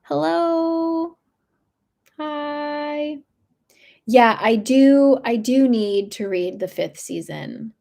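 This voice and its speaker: A woman's voice: mid-range voice, animated, slow, creaky, hardly any pauses, warm tone. A young woman hosting a book channel livestream from her room, chatting casually and meandering with lots of fillers.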